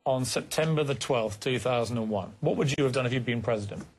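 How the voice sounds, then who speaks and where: A man's voice: mid-range voice, quick pace, slight background noise. A man hosting a TV interview, pressing his guest with challenging questions. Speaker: TV interview host. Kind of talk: TV news interview.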